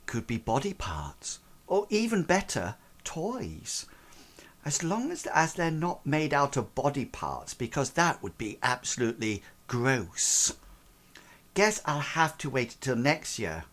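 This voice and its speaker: A man voicing a bored, spoiled teenage girl who drawls quietly. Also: fairly high pitch, full character voice.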